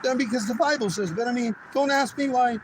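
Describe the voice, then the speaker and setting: Over noticeable background noise, a man with a very high-pitched voice talks fairly quickly through his personal testimony. It's a rambling, profane, casual account in which he voices the people he describes.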